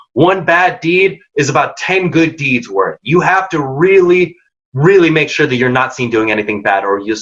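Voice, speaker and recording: This career workshop presenter speaks at medium pitch with a bright, forceful tone, though the lo-fi recording sounds dull. His advice is direct and emphatic, and he performs the quoted dialogue.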